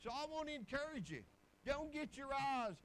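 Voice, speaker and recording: A man's voice: very high voice, big pitch swings, normal speed, a bit bright, slight background noise, rough recording. A man, preaching in a folksy storytelling way with bursts of exclamation. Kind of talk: sermon testimony.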